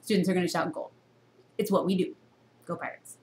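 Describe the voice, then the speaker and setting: A woman teaching a university reading course in a recorded lecture to a camera, asking her students many questions and jumping up in pitch to stress her points. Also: fairly quick, gravelly, slight background noise. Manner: teacherly, full of rhetorical questions; expressive jumps in pitch for emphasis.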